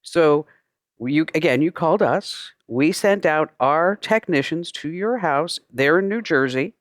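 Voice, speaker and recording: A woman's voice: sits low, lively intonation, measured pace, no room sound, studio quality. A woman playing a pushy tech-support scammer who insists on a bill and rambles through restarts.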